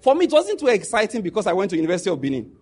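A middle-aged Nigerian man with a Nigerian accent telling stories in a casual monologue, animated and laughing as he jumps into quoted pidgin. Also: high-pitched, rapid-fire, breathy edge.

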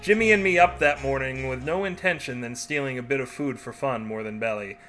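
A man's voice: mid-range voice, fairly quick, a bit bright, faint music behind. A man hosting a podcast, making wry, joking asides and reading a short story aloud.

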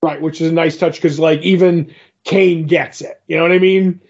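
A man's voice: on the high side, steady tone, moderate pace, slightly rough. A man co-hosting a podcast, chatting casually and rambling about a comic book, often restarting his sentences. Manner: rambling, restarts often, reads out quotes in little voices. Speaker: podcast co-host. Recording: dull lo-fi podcast audio.

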